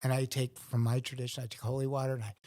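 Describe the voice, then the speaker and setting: A man's voice: medium pitch, little pitch movement, racing, mellow, dry recording, clean studio sound. A middle-aged man, a guest in a casual conversation, telling earnest stories and acting out his own thoughts.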